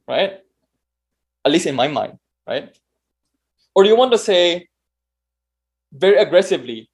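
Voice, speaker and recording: A man's voice: a little high, very animated, normal speed, darkish tone. Filipino man giving a conversational talk. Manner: conversational, many restarts and tag "right?". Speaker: meetup speaker. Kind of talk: talk to an online meetup.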